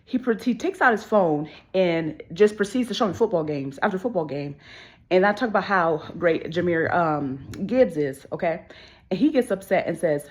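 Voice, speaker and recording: Casting note: a lower-voiced woman doing an animated storytime vlog at home into a phone, candid and swearing freely. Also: moderate pace. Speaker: vlogger. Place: home with kids and cats around.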